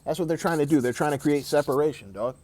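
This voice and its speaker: A man's voice: fairly high pitch, fast, a little mellow. A man giving an emphatic, opinionated sports rant, repeating himself and saying "dog" often. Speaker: sports commentator.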